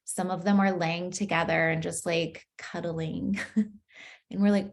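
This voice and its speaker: A woman's voice: on the low side, level tone, measured pace, creaky. A young adult woman coaching a masterclass in a chatty, playful way, laughing often and saying "like" a lot. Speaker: manifestation coach. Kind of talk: casual masterclass teaching.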